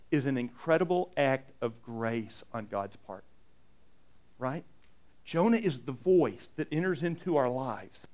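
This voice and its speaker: A man preaching a sermon in a conversational way, repeating words and asking the congregation rhetorical questions. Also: high-pitched. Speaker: pastor.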